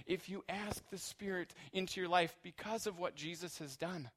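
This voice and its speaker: A man preaching a sermon in a fairly high voice. He drops to soft, low stretches and then climbs to loud, emotional peaks. His delivery is earnest and pastoral. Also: moderate pace, hardly any pauses.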